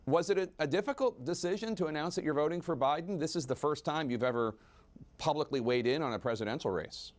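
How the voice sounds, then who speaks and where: A man's voice: on the high side, fast. Man anchoring a TV news interview. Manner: smooth, formal introduction and questioning.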